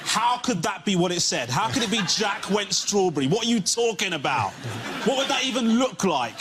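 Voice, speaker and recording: A comedian on a panel show, ranting in exasperation and building to loud outbursts. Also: male voice, high voice, big pitch swings, normal speed, loud music behind the voice. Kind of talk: stand-up routine on a panel show. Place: TV studio with live audience.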